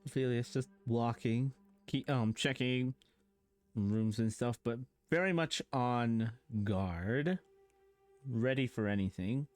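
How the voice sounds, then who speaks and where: A man playing in a tabletop game, talking in a relaxed way, with fillers and half-finished phrases. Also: mid-range voice, slow, faint music behind. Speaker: player. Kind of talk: casual tabletop game chat.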